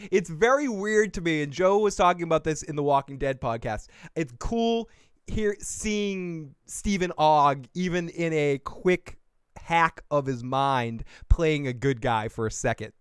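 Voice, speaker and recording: A man's voice: a little high, lively intonation, slow pace, clear, resonant tone, dry recording, studio quality. A man hosting a live recap podcast, casual and jokey, swearing, laughing often and reading the chat aloud. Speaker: podcast host.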